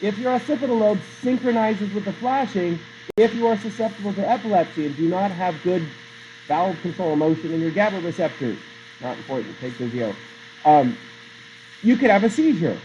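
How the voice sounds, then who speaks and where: A man's voice: high voice, animated, fairly quick, mellow, slight background noise. A male teacher giving a classroom lecture, chatty and digressive, often quizzing the class. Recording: dull lo-fi sound.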